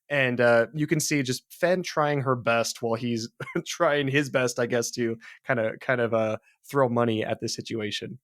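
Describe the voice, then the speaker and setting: A man's voice: mid-range voice, fairly bright tone, no echo, clean studio sound. A man playing as a guest on a tabletop role-play podcast, narrating hesitantly with many fillers. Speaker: guest player.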